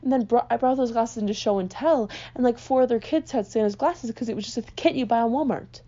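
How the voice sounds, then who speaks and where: A young woman, ranting in an exasperated, swearing, animated way as a podcast host. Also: a little high, quick pace, hardly any pauses. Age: young adult. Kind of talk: casual comedic rant. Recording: dull lo-fi recording.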